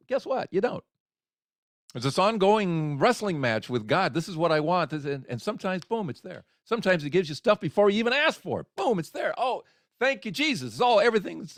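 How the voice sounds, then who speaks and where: A man hosting a faith talk show, animated and swinging from quiet remarks to exclamations. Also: on the high side, no echo, studio quality. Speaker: radio show host. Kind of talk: conversational interview.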